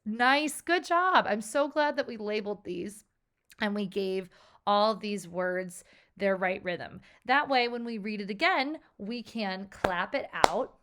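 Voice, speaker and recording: A woman leads a children's music lesson at an unhurried pace, with a middle-pitched voice. She is encouraging and breaks into rhythm chants for young learners to clap along. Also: fairly bright tone, a little hiss or hum. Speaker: music teacher.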